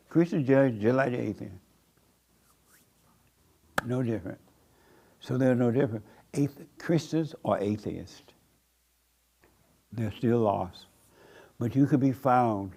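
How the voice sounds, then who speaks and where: A man's voice: medium pitch, vocal fry, a little mellow. A man preaching a sermon in a church room, blunt and repetitive, with rhetorical questions. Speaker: pastor.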